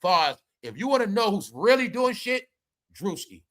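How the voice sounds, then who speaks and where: Man, high voice, bright edgy tone, ranting commentary, drops to mutters then shouts. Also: normal speed. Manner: animated, ranting, swings from low mutters to shouting. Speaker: commentary channel host. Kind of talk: casual entertainment commentary.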